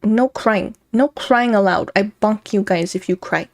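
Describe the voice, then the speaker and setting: A young woman streams and chats casually with her viewers and the live chat, rambling and often dissolving into giggles. Her voice is medium-pitched and unhurried.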